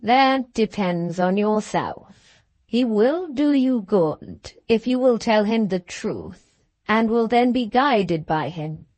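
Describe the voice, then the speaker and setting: A principled country doctor answers in calm, stern, measured tones, as a woman reads him. The pace is slow and the sound is close and dry. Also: mid-range voice, no room sound. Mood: firm.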